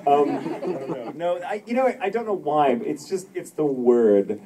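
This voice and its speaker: Animated man telling panel stories. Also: a little high, normal speed, crowd noise. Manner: animated, laughs often, acts out quotes. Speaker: voice actor at a fan panel. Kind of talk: convention Q&A storytelling. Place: convention panel room. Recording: distant fan recording with room noise.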